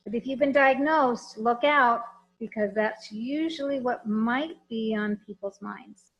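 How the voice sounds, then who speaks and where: A woman's voice: a little high, unhurried, highs cut off. Frank woman trainer addressing an audience. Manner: lively, talks straight to the audience with questions. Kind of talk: conversational training lecture.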